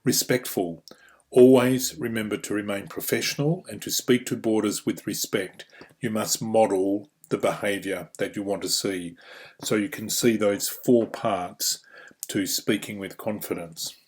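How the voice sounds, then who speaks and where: A fairly low-pitched Australian man leads a training course, explaining each point step by step. He talks through the material plainly and often drops in "you know" and "um" as he goes. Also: fairly even intonation, a little slow. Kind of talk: instructional course narration.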